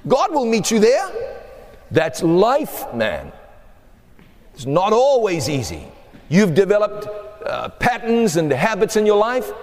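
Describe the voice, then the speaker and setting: Male pastor with a high voice preaching in a big echoing hall. Talks to the crowd in a chatty way and presses his points hard. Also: very animated, takes it slowly, long pauses. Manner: conversational, emphatic, acts out quoted voices. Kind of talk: sermon.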